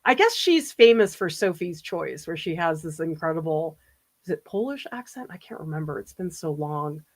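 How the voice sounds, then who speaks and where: A woman's voice: low voice, big pitch swings, moderate pace. Chatty woman art professor, laughing often. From US East Coast. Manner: chatty, laughs often, reads viewer comments aloud. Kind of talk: livestream painting demo, chatting with viewers.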